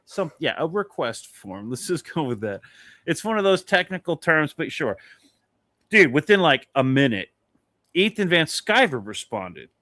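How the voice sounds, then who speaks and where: A man's voice: fairly high pitch, a little slow, dry recording, studio quality. A man co-hosting a casual talk show, telling a long story with a lot of swearing. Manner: animated, swearing, rambling anecdote. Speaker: podcast co-host.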